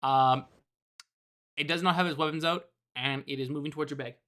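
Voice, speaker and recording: A game master narrating a tabletop game, pausing with fillers and small laughs. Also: mid-range voice, steady tone, a bit bright.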